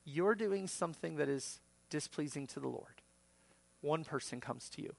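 A man's voice: a little high, expressive, moderate pace, gravelly, no echo. A man preaching a sermon as pastor, acting out quoted voices and rising sharply for emphasis.

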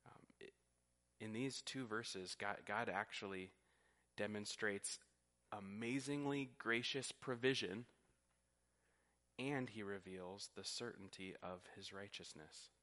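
A man's voice: on the low side, slow pace, bright, forceful tone. A man preaching a sermon, teaching earnestly and often repeating words as he goes. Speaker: pastor.

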